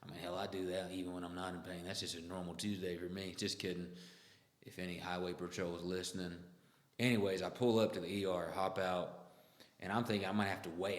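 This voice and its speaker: Young man, deep voice, profane and joking storyteller, reverberant room. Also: steady tone, quick pace. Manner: crude, joking, loose and profane. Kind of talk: casual storytelling monologue. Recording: echoey room with long reverb.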